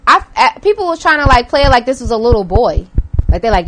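A woman's voice: a little high, very animated, fast talker, a bit bright, poor audio. Blunt woman podcaster, faint hiss. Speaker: podcast co-host. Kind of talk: casual chat.

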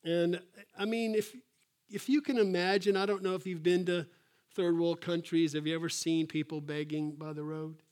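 A man preaching with an animated delivery and a slightly high-pitched voice. He acts out quotes in a raised voice, then drops to soft, quiet asides. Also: normal speed. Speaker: pastor. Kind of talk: sermon.

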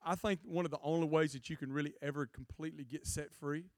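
A man preaching a jokey, animated youth sermon to a live student audience. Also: on the high side, fast, dry recording, clean studio sound. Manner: jokey, animated, acts out quotes in funny voices. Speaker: guest preacher.

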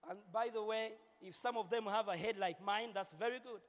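This preacher's voice sits high and moves briskly as he jokes playfully with the congregation and repeats words throughout his sermon. The big church gives the recording a long hall reverb.

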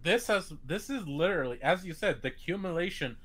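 Male podcast co-host, bright and animated delivery, emphatic agreement. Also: high-pitched, fairly quick. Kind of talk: casual chat.

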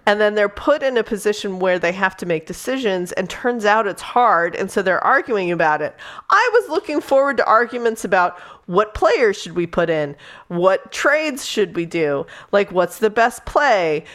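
A woman's voice: medium pitch, moderate pace. A woman co-hosting a podcast, chatting casually about a book she disliked, swearing freely and acting out the characters' lines. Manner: animated, profane, acts out characters' lines. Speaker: podcast co-host. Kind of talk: casual book review chat.

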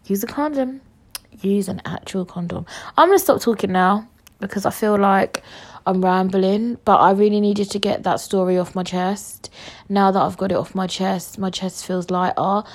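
A woman's voice: mid-range voice, steady tone, normal speed. A young woman, hosting a casual story-time podcast, brash and jokey, swearing freely and rambling through her rants. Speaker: podcast host.

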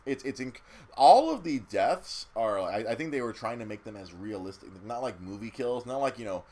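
A man's voice: mid-range voice, lively intonation, moderate pace, a little mellow. A man in casual chat recapping a movie, swearing freely and acting out quotes in silly voices.

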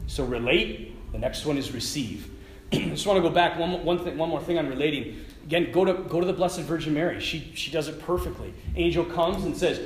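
Animated, laughing preacher in an echoey room. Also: male voice, on the high side, brisk, a little hiss or hum. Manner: animated, laughing, conversational storyteller. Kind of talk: informal sermon.

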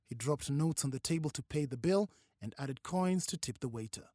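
A narrator reading a novel aloud with expressive, varied delivery. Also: medium pitch, normal speed, dry recording, clean studio sound. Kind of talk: audiobook narration.

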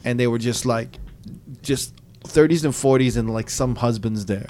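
A man's voice: mid-range voice, normal speed, slight background noise. Profane, storytelling man DJ. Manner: profane, animated storytelling with quoted voices. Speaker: DJ telling a story. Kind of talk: casual podcast chat.

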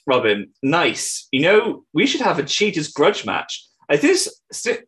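A man chats loosely with friends on a podcast, his pitch swinging widely and sitting a little high. He reads bits of dialogue aloud in put-on voices and laughs often. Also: very animated, a little slow, a bit bright. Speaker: podcast co-host reading episode lines. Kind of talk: casual chat, reading and acting out script lines.

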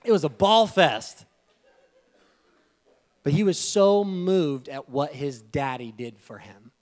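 A man in his thirties giving a devotional talk, telling a family story with laughter and rising emotion. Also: slow pace. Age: 30s. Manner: animated, laughing, voice climbing high when moved. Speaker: speaker.

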